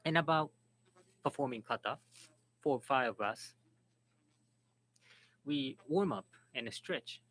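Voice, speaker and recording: A man moderating and interpreting at a symposium, speaking haltingly and restarting words. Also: medium pitch, a bit bright, rough recording. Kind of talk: symposium panel talk.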